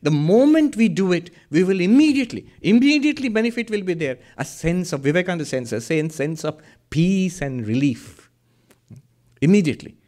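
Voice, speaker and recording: A man giving a spiritual discourse, earnest and lively, asking questions and answering them himself. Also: high-pitched, fairly quick. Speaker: Vedanta teacher.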